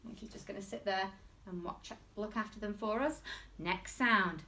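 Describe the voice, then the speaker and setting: A woman with an English accent teaching a phonics lesson to young children, using an animated, exaggerated sing-song classroom voice. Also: medium pitch, moderate pace, far from the mic. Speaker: primary school teacher.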